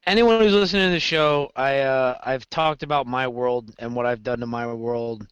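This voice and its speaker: A man's voice: medium pitch, normal speed, smooth, dry recording, lo-fi sound. A man chatting casually on a podcast about running his games, rambling and correcting himself as he goes. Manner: rambling, self-correcting, animated storytelling. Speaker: game master guest.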